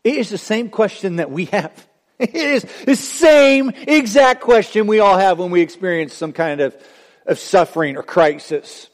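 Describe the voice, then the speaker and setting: A man preaching a sermon as pastor, swinging between loud passionate peaks and hushed low passages. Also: animated, moderate pace. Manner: dramatic preaching, voice rising and dropping sharply. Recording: long hall reverb.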